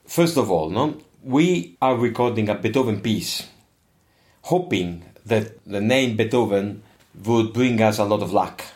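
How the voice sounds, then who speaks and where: An older man with an Italian accent, a non-native English speaker, answering interview questions in an expressive, emphatic and digressive way. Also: fairly low pitch, measured pace. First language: not English. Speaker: musician guest.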